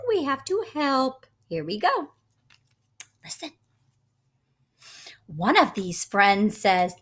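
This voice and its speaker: A woman reading a picture book aloud to young children in an animated, coaxing, teacher-like storytime voice. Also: a little high, slow, pauses often, slight background noise.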